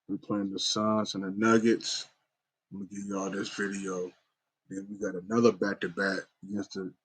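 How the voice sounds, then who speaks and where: Laid-back husky low-voiced gamer guy. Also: low-quality recording. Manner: laid-back, slangy, talks straight to viewers. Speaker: gaming YouTuber. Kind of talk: casual gameplay commentary.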